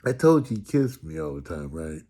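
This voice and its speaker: A man telling humorous stories about his upbringing in a sarcastic, animated way, with casual swearing. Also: very deep voice, fairly quick. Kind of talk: humorous storytelling talk.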